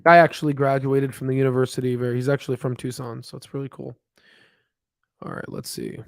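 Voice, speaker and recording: A man's voice: medium pitch, sing-song, a little fast, vocal fry, no echo, studio quality. A man hosting a casual live stream about stocks, thinking aloud with lots of fillers and restarts as he reads charts. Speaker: stock market livestream host. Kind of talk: casual live chat while reading charts.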